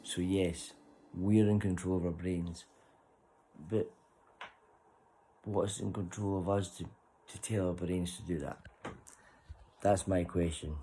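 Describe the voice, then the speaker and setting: Gravelly low-voiced man. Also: fairly even intonation, slow, pauses often, dark tone, slight background noise, low-quality recording. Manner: loose, chuckling, swears freely. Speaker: vlogger. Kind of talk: rambling personal storytelling.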